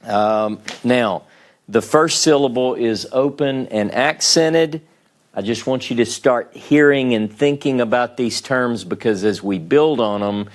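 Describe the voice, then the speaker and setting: In a meeting room, a Hebrew teacher from the United States lectures a small class at the whiteboard, his voice sitting at a normal mid pitch. Slow and patient, he walks through each point one step at a time, checking in with frequent "okay?"s to make sure everyone is keeping up.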